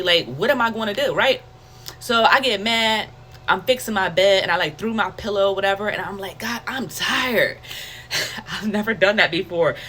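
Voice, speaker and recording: A woman's voice: medium pitch, a little hiss or hum. A woman sharing a personal faith testimony in a candid, conversational way, acting out her own thoughts as she tells it. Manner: candid, conversational, animated storytelling with quoted self-talk. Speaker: testimony vlogger.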